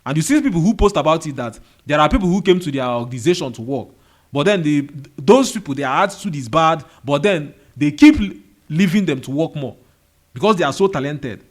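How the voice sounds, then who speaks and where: A man's voice: fairly high pitch, lively intonation, fairly quick. A man with a Nigerian accent giving a motivational monologue, firing rhetorical questions and repeating key phrases. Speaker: motivational video host. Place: indoor room with a fan running.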